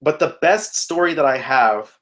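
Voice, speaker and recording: A young man telling a story in casual chat, animated and laughing, acting out the people in it. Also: medium pitch, moderate pace. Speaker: podcast guest telling a story.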